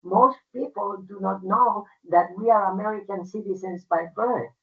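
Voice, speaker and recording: A woman's voice: medium pitch, moderate pace. Older Puerto Rican-accented woman, emphatic personal storyteller, tinny phone-like audio. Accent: Puerto Rican Spanish. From Puerto Rico. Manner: emphatic, conversational, frequent fillers. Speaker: guest speaker.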